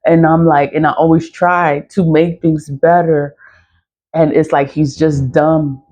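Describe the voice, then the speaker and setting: A woman's voice: deep voice, flat delivery, unhurried, warm tone. A woman in her forties telling a personal story in a blunt, profane, casual rant, laughing often. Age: 40s. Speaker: spiritual products seller. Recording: dull lo-fi recording.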